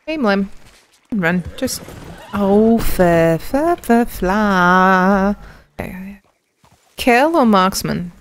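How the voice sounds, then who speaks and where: A woman's voice: mid-range voice, expressive, very slow, long pauses. A woman streamer giving live commentary on her gameplay, laughing often and calling out to other players and her chat.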